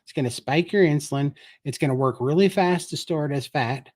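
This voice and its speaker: A man's voice: fairly high pitch, fairly quick, a little mellow. A man as a guest on a live-stream chat, talking earnestly and explaining things step by step. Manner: earnest, explanatory, tells his story.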